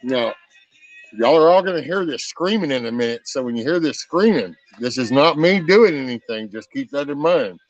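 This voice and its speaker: Animated and speaking at a normal speed, a man with a mid-range voice cracks jokes and swears freely on his vlog while working outdoors. There's no echo, just dull lo-fi audio with music.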